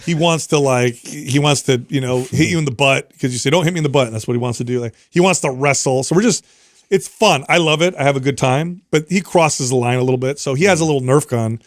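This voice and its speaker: A man's voice: medium pitch, a little fast, dry recording, studio quality. A man in his thirties, a podcast co-host, telling a story in casual chat and acting out the quotes.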